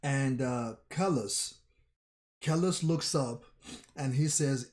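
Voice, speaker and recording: Slow-talking man reading a comic aloud. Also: mid-range voice, darkish tone. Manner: thinks aloud, often repeats phrases. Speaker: manga reaction streamer.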